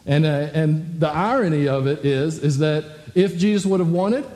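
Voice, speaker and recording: A man's voice: a little high, normal speed, dark tone, long reverb tail. A male pastor giving a conversational sermon to a congregation, asking frequent rhetorical questions. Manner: conversational, full of rhetorical "right?" asides. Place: church hall with a congregation.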